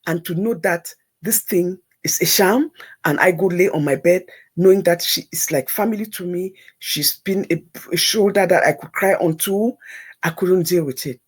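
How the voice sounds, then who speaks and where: A woman's voice: lowish voice, moderate pace, husky. A woman telling a personal story on a talk show, emphatic and repeating words for effect.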